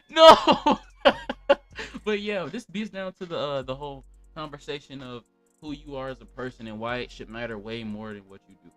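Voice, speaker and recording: A man's voice: mid-range voice, moderate pace, a bit bright, dry recording, faint music behind. Young man ranting on a livestream. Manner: rambling, profane, blunt ranting. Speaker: podcast host. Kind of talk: casual livestream podcast chat.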